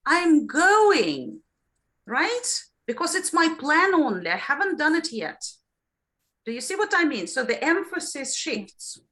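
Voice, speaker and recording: A middle-aged woman teaches trainee teachers in an online lesson. Her fairly high voice is bright and clear. It swoops widely as she models intonation and questions the group. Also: normal speed. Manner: lively, demonstrates intonation with questions to the class.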